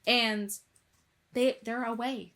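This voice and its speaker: A woman's voice: on the high side, fairly even intonation, slow, fairly bright tone. A young woman co-hosting a podcast in casual chat, emphatic and repeating words as she talks. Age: young adult. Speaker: podcast co-host.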